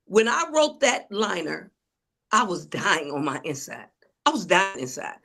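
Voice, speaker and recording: A woman's voice: on the low side, sing-song, a little slow, vocal fry, bright, forceful tone. A woman, an author and preacher, telling her story in a preachy way and calling out to the crowd. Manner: preachy, addresses audience as y'all. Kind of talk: testimony-style interview talk.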